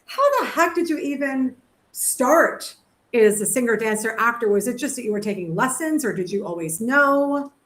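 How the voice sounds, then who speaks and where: A woman's voice: a little high, animated, moderate pace, fairly bright tone, reverberant. A woman hosting a podcast from home, from Canada, bubbly and playful, breaking into bits of show tunes. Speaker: podcast host.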